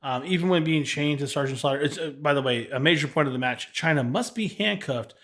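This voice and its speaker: A man co-hosts a podcast and hands out blunt grades in a casual, slightly exasperated tone. He sounds relaxed and plain, dropping slang as he talks. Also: on the high side, brisk. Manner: blunt, exasperated, says bro. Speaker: podcast co-host. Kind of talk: casual chat, giving match ratings.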